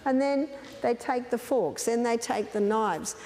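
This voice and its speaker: A woman with a fairly high voice lectures in a direct, firm, storytelling way. Her voice carries a long reverb, as in a hall, and faint background noise sits under it. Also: a little slow, a little mellow. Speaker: lecturer on child raising. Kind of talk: lecture with personal anecdotes.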